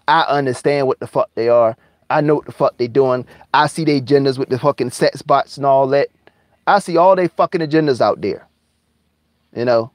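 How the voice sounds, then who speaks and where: A man rants on his live stream, heated and full of swearing, circling back over the same points and stretching some words out slowly. His voice sits at an ordinary middle pitch and sounds dry and close, with no room around it. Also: no room sound. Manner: heated, profane, repetitive, drawling slowdowns. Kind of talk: angry conspiracy rant on a live stream.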